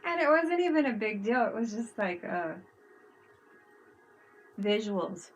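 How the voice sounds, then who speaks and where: Woman, casual livestream chat, animated storyteller, frequent laughs, swears. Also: a little high, a little slow. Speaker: livestream co-host.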